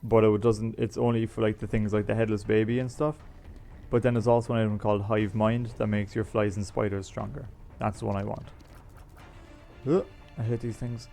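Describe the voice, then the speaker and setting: Man, mellow dark voice, rambling let's-play chatter. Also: lowish voice, little pitch movement, moderate pace, gravelly, faint music behind. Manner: rambling, chatty, explains game items as he plays. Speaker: gaming YouTuber. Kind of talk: casual let's-play commentary.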